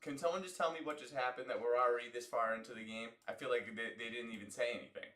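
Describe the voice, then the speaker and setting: An American man hosting a live football watch-along, talking in an excitable, profane, rambling way. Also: medium pitch, quick pace, reverberant. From United States. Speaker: host of an alternate sports broadcast.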